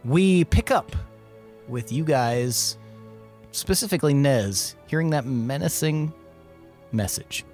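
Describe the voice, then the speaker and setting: Man, game master, recap narration, slow pace, faint music behind. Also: medium pitch, lively intonation, darkish tone. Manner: laughs through his narration.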